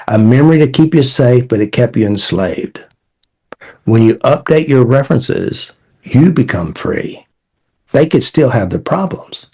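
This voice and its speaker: A man's voice: mid-range voice, vocal fry, darkish tone, slightly rough. A man hosting a conversational talk, telling client anecdotes with wry asides and acted-out quotes. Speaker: therapy method creator and podcast host. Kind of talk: conversational storytelling.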